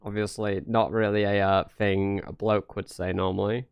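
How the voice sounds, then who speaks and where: A man's voice: on the low side, flat delivery, moderate pace, vocal fry, smooth, no echo. A young English man chatting casually on a live stream, rambling and joking with lots of fillers. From England. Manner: rambling, jokey, many fillers. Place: home in Norway.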